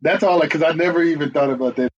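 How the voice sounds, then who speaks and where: A man's voice: fairly high pitch, very fast. A man co-hosting a casual studio chat show, playful and joking, often asking questions. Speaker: podcast co-host. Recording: slightly dull, muffled sound.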